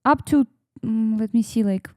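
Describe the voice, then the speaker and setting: A woman co-hosting a comedy podcast, talking in a relaxed, hesitant way with many fillers. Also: on the high side, moderate pace, no echo, studio quality. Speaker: podcast co-host. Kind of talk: casual comedic chat.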